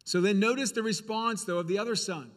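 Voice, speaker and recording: A man's voice: sits high, brisk, a bit bright, long reverb tail. A male preacher giving a sermon in a church, speaking earnestly and repeating phrases for emphasis.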